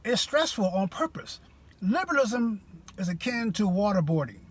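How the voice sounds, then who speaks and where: A man's voice: high voice, sing-song, normal speed, breathy edge. A man giving a rousing, preachy political monologue straight to his viewers, full of rhetorical questions. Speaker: political commentator. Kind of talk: direct-to-camera political monologue.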